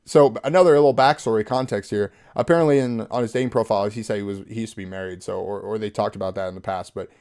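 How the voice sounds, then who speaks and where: Gravelly young male vlogger, relaxed and chatty, laughs often. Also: lowish voice, fast talker, few pauses. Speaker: YouTube host. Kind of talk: casual commentary reading texts.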